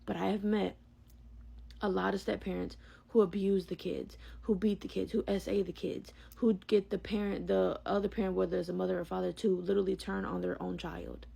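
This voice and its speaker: A woman's voice: mid-range voice, little pitch movement, brisk, vocal fry, warm tone, husky. A woman giving a blunt, heated monologue to her viewers, speaking her mind. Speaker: vlogger. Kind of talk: opinionated monologue to camera.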